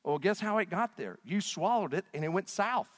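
A man preaches with fervent, animated delivery, his voice sitting fairly high and swooping widely in pitch. He moves between loud appeals and hushed, intimate passages. The sound carries a long hall reverb. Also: normal speed. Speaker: pastor. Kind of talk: sermon.

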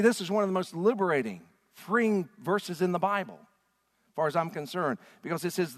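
A man preaching a sermon as a pastor, swinging from hushed lines to loud call-and-response with the congregation. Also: on the high side, long reverb tail.

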